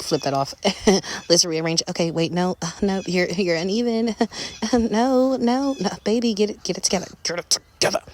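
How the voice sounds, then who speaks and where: A makeup creator talking viewers through a step-by-step tutorial in a sassy, playful, chatty way, often jumping up high for flourishes.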